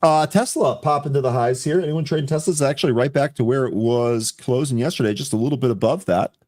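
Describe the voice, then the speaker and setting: A man co-hosting a live trading stream, calling out tickers and chatting in a relaxed, upbeat way. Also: mid-range voice, no echo, studio quality. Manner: upbeat, quick calls of tickers, laughs easily. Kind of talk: casual market commentary.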